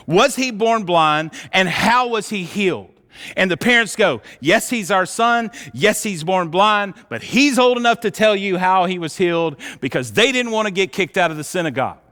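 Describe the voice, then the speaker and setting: A man's voice: sits high, bright, forceful tone. A man preaching a sermon, retelling a Bible story in a casual, storytelling way and acting out its dialogue. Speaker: pastor. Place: church auditorium. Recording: hall reverb.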